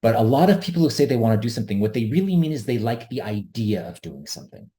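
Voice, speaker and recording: A man's voice: mid-range voice, sing-song, fast talker, mellow. A man hosting an options trading webinar, talking earnestly and emphatically and repeating his key points. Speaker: webinar host, options trader. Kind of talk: presenting a webinar.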